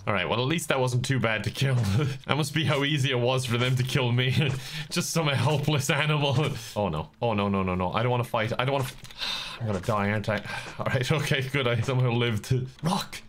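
A man's voice: mid-range voice, brisk, a bit bright, slight background noise. A young man commentating his own gameplay, self-mocking and breaking into laughter often. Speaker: gaming video host.

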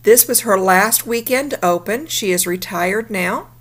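A woman, chatting upbeat in a casual travel vlog, her voice a little rough from the morning. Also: medium pitch, unhurried, fairly bright tone. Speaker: vlogger.

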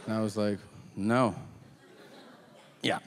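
A man telling a stand-up story on stage in an animated way, acting out both sides of each conversation. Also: on the high side, moderate pace, big-room sound, very noisy. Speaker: stand-up comedian. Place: large theater stage with audience.

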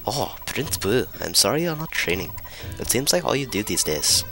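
A man voicing a lonely young girl in a game, pleading in a high falsetto. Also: big pitch swings, moderate pace, a bit bright, soft background music.

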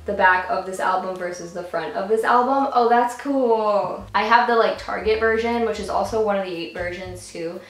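A young woman vlogging an unboxing at home, gushing and excitable, often squealing and laughing. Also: medium pitch, normal speed, hardly any pauses, echoey room, rough recording. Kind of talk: casual unboxing vlog.

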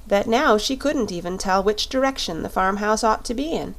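A woman reads a classic children's story at a steady, normal pace. Her clear, mid-pitched voice fits a calm audiobook narration.

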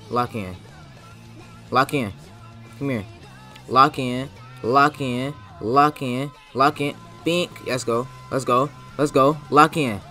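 A young man giving slangy, excitable gameplay commentary, trash-talking opponents and repeating short catchphrases. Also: mid-range voice. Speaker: gaming YouTuber.

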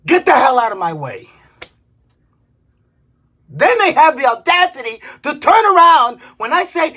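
A woman in her twenties, a vlogger, delivering an exasperated comedic rant, swearing and bursting into shouts. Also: sits high, big pitch swings, measured pace, long pauses. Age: 20s.

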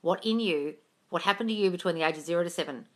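A woman's voice: lowish voice, quick pace. A woman answering viewer questions on a casual phone livestream from home. She reads comments aloud, swears freely and calls everyone darling. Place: at home with her cat.

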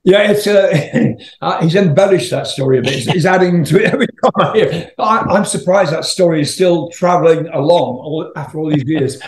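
An older man recounts his rock band days in a loose, meandering way. He laughs often and swears casually. His voice sits a little high and rings in a roomy, echoing space. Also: a little mellow. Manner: rambling, laughing, swearing anecdotes. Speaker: interview guest, rock singer. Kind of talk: casual storytelling.

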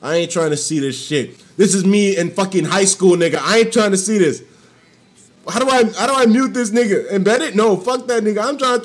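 Speaking in an extremely high pitch, a male streamer responds to donations with profane, eager energy, frequently breaking into yells. Faint music plays behind him, and the recording comes from a desktop mic at home.

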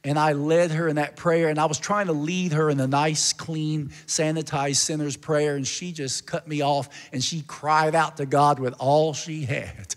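A man's voice: a little high, flat delivery, normal speed, few pauses. A male pastor telling a story in a sermon, earnest and narrative, building to a fervent call to the congregation. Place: church sanctuary. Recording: long church hall reverb.

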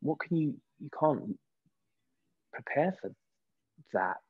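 British guy in his 30s, husky, telling stories on a podcast, dull dry recording. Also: a little high, slow. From Britain. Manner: lively storyteller who acts out quoted voices. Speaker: guest actor. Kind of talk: casual interview chat.

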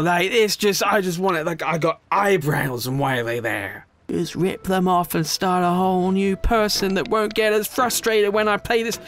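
A young man with a bright, slightly high voice gives raging gameplay commentary. He drops into low, muttered grumbling, then bursts into shouted curses. Faint music plays behind him. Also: moderate pace, few pauses. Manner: swings from low muttering to shouted outbursts, swearing. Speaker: gaming YouTuber.

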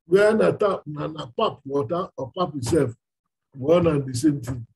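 Husky, high-voiced Nigerian preacher. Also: male voice, normal speed, a little mellow, low-quality recording. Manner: emphatic, asking the listeners rhetorical questions. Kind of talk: sermon.

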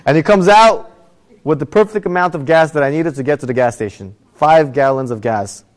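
Here the rabbi is a young adult man with a slightly high voice and a measured pace. He shares a personal story during his Torah class, lecture-style, and his voice climbs as tension builds.

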